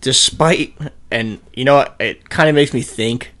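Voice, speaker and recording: A man's voice: medium pitch, measured pace, a bit bright. A man co-hosting a podcast in a casual, profane, rambling way, laughing often. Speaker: podcast co-host.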